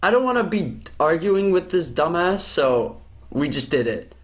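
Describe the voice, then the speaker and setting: A man's voice: fairly high pitch, moderate pace. A man hosting a podcast, swearing freely as he tells a workplace story in casual chat. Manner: profane, animated storytelling. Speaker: podcast host.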